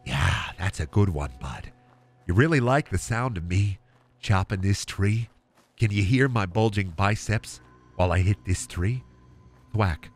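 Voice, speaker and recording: A man voicing a gruff lumberjack in a whispered role-play, slow and murmured. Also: fairly low pitch, lively intonation, faint music behind, pitched below the performer's own voice. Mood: hushed. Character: hushed gruff lumberjack ASMR host, male.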